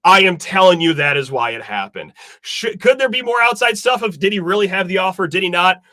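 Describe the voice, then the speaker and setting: A man's voice: high voice, expressive, brisk, pushed and bright, dry recording, studio quality. A man hosting a sports podcast, talking in an emphatic, fired-up way straight to his listeners. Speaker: podcast host. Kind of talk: animated sports podcast talk.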